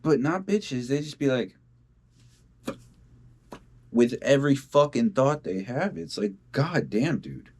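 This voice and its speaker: A man's voice: mid-range voice, animated, a little slow, pauses often, a little mellow. A young man in a casual video diary, talking bluntly and swearing a lot. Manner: blunt and heavily profane. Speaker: independent musician. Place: at home.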